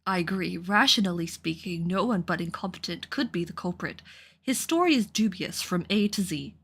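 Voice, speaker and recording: A woman voicing a cold, stern detective in a low, quiet and flat voice while playing a story game. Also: normal speed, breathy edge.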